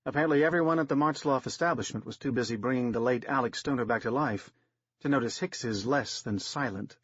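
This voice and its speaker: Man narrating an audiobook, wry and steady. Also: mid-range voice, breathy edge, dry recording. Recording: dry, slightly dull lo-fi recording.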